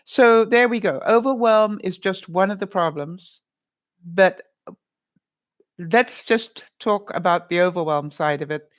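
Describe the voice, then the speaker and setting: Speaking in a mid-range voice at a measured pace, a woman vlogger chats live with her audience and offers advice. She rambles and drifts into asides, addressing people as honey or by name.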